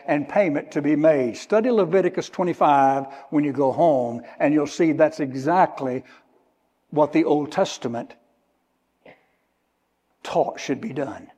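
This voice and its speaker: Male preacher, slow and deliberate, emphatic stress with hushed drops, long hall echo. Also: fairly high pitch. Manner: slow, emphatic, tells listeners to underline words. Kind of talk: sermon. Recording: long reverb of a large hall.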